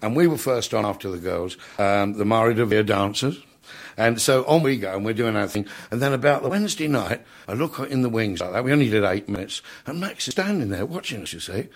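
A man's voice: fairly low pitch, animated, brisk. An older man, an entertainer, telling comic backstage anecdotes in a chatty way, full of "you know" asides. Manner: chatty, peppered with "you know", laughs at his own tales.

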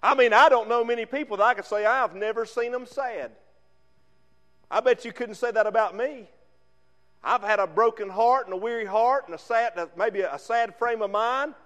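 Fervent high-voiced male preacher. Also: a little fast. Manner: fervent, shifting from loud emphasis to hushed tones. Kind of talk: sermon. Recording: long reverb.

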